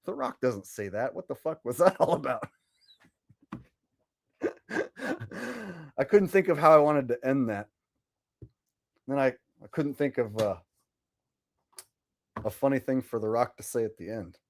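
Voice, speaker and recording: A man's voice: mid-range voice, animated, measured pace, pauses often. A man hosting a casual livestream, rambling and swearing as he comments and reads chat. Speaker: livestream host.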